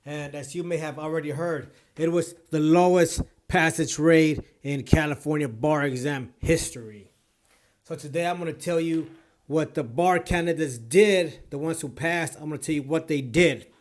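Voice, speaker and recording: An emphatic man talking straight to his viewers as a bar exam tutor. His voice sits a little high, and he comes back to the same point more than once to stress it. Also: normal speed. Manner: earnest, emphatic, repeats points. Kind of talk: direct-to-camera talk.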